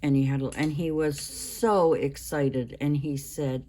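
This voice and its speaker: A woman in her sixties hosting a craft vlog, talking in a rambling, halting way with many restarts. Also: deep voice, steady tone, warm tone. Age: 60s. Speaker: craft channel host. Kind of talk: casual show-and-tell vlog.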